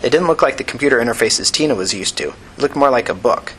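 A man reading a story aloud in a steady, even way. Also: mid-range voice, fast, slight background noise, low-quality recording. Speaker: narrator. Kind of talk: audiobook reading.

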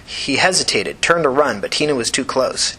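A male narrator reading a thriller chapter for a podcast. His voice is husky with a bright, forceful edge. The storytelling stays tense and driving. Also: mid-range voice, expressive, normal speed, rough recording. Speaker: audiobook narrator. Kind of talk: scripted fiction narration.

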